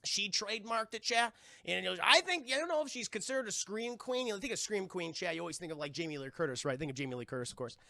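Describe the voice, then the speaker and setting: Male streamer, high and gravelly, very bright, swearing casual film recap aimed at chat. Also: fast talker, no echo. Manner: animated and profane, keeps addressing his chat; bursts into loud high laughter.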